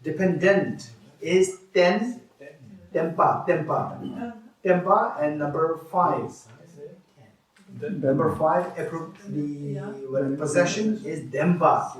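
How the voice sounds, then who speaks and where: A man teaches a retreat group, his voice sitting a little higher than most men's. He keeps asking if they agree and repeats his points patiently. The sound comes from a distance in a strongly echoing hall. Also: slow. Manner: questioning, repeats himself, laughs with students. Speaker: Buddhist teacher. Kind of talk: dharma teaching with questions to students. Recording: echoey hall, voice off-mic.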